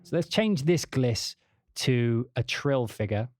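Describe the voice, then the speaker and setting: A young English man hosting a casual livestream, demoing music software, chatty and swearing as he laughs off his mistakes. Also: medium pitch, animated, slow pace, no room sound, clean studio sound.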